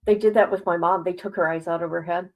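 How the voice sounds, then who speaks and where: A woman's voice: fairly low pitch, fairly even intonation, quick pace, darkish tone, low-quality recording. An older woman streamer chatting casually and candidly, rambling, swearing freely, and worried while laughing her troubles off. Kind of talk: casual livestream chat.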